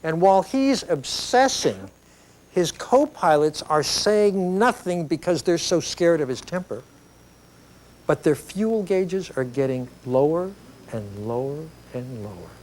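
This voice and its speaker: A middle-aged man giving an educational video lecture, explaining ideas in a conversational, animated storytelling way with frequent tag questions. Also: a little high, measured pace.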